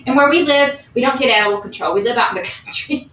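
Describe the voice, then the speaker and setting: A woman co-host telling a story in casual chat, animated as she goes. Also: a little high, quick pace, recorded from a distance. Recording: echoey room, faint noise, off-mic.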